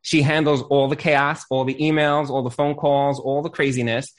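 A man's voice: mid-range voice, moderate pace. A man, a rabbi and accountant, giving relationship advice in casual conversation, telling stories and acting out quoted lines. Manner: animated storyteller, acts out quoted lines; Hebrew blessings dropped into talk.

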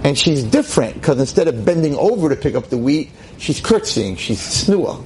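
A man teaching a lively class to a seated audience as a rabbi, emphatic and exclamatory. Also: normal speed, hardly any pauses, slight background noise, poor audio. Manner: emphatic, exclamatory, with sudden swings in pitch.

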